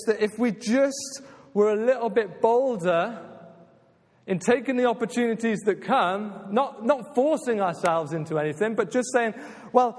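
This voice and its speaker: A man preaching a sermon as a pastor, earnest and emphatic, often asking "right?" to his listeners. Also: extremely high pitch. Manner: earnest, emphatic, repeats "just maybe" and "right?". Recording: long hall reverb.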